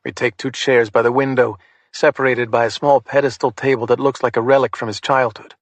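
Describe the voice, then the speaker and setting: A man narrating a crime thriller audiobook in the first person, steady and matter-of-fact. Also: mid-range voice, fairly quick, dry recording.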